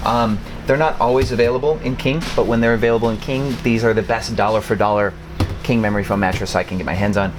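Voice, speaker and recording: A Wisconsin man in his thirties vlogs casually to camera from an apartment crammed with boxes, rambling loosely with plenty of ums. He's a short-term rental host whose fairly low, steady voice moves fast, with a mostly neutral American accent carrying a faint Wisconsin trace. Background noise is present.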